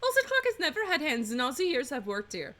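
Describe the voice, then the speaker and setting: A woman's voice: high voice, wildly swooping pitch, fast, pushed and bright, full character voice. A woman voicing a prim, courteous giraffe housemaid in a video game, with a put-on French accent. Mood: polite. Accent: mock French. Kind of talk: let's play dialogue reading.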